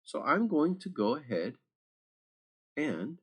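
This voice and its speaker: A man's voice: fairly high pitch, very animated, slow pace, breathy edge. A man teaching math over a screen recording, chatty and talking straight to his students with little asides.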